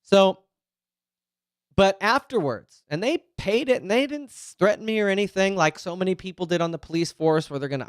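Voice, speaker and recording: A man's voice: high-pitched, lively intonation, a little fast, clear, resonant tone, dry recording, studio quality. A man in his forties, a retired police officer, speaking candidly to an audience about his anxiety, often checking in with "right?" and "you know". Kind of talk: personal talk to an audience.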